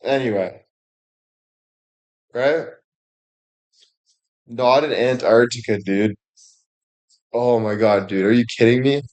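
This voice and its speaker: A man's voice: medium pitch, slow pace, long pauses, darkish tone. A man giving a crude, rambling comedic monologue on a livestream, swearing constantly and laughing at his own jokes. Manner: profane, rambling, laughs often, fillers like "you know".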